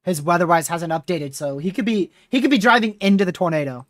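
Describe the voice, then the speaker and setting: Woman streamer, low-ish voice, dry close sound, excitable, laughs a lot; navigating a storm chase live. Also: quick pace, no room sound. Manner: excitable, laughs often, talks to chat.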